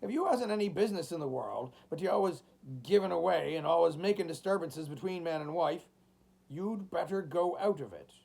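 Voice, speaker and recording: A man reading the part of a stout, hard-hearted shopkeeper landlord who threatens in a soft voice. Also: a little high, lively intonation, brisk, gravelly. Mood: threatening. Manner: speaks softly, menacing.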